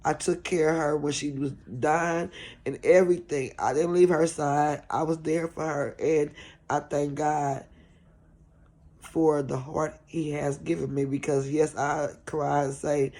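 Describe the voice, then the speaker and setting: Gravelly, husky middle-aged woman preaching compassion. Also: deep voice, fairly even intonation, unhurried, warm tone. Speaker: caregiver vlogger. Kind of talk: heartfelt preachy vlog talk.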